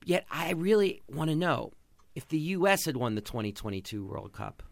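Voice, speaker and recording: A man's voice: fairly high pitch, big pitch swings, moderate pace, creaky, no room sound. A man hosting a podcast, giving passionate, sarcastic sports commentary. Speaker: podcast host.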